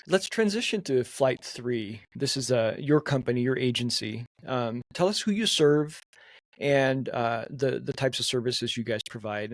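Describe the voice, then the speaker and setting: A man hosting an interview, asking measured, leading questions. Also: mid-range voice, dry recording. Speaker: podcast host.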